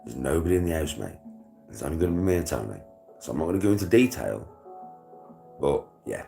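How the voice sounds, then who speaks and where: Very low voiced british bloke chatting to his viewers, laughs a lot, swears, bit of music playing. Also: big pitch swings, fast talker, creaky, dark tone. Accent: British English. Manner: swearing, slangy, laughs often. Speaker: vlogger. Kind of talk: casual chat to a livestream.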